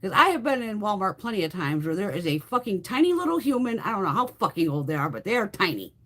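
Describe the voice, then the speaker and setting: Brief: woman beauty streamer, bouncy pitch, blunt and crude, animated storyteller. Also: fast. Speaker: beauty livestream host. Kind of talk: casual live chat while doing makeup.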